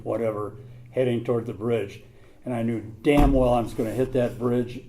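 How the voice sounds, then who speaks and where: An older man with a warm, mid-range voice speaks at a recovery meeting, telling the group his own recovery story. He's blunt and plain-spoken, dropping in some mild swearing.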